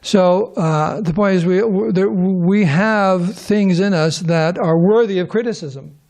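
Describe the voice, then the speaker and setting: A middle-aged man, his voice high-pitched, a little slow and a little mellow, runs a loose scripture class for a live audience in a temple hall. He meanders, restarts his sentences and tosses questions to the crowd.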